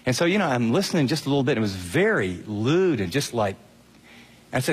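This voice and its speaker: A middle-aged male pastor preaching an animated sermon, acting out quotes in shifting voices. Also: mid-range voice, a little fast, slightly rough, in a large hall. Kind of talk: radio sermon.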